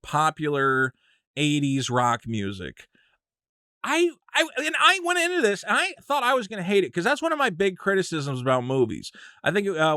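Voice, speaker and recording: Animated opinionated male reviewer. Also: a little high, clean tone, no echo, clean studio sound. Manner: animated, opinionated, restarts a lot. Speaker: movie reviewer. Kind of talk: casual movie review.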